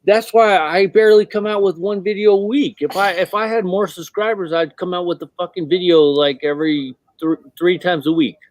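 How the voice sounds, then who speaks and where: A man's voice: high-pitched, fairly even intonation, brisk, hardly any pauses, dry recording. A man co-hosting a casual livestream, blunt and teasing, swearing often. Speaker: livestream co-host.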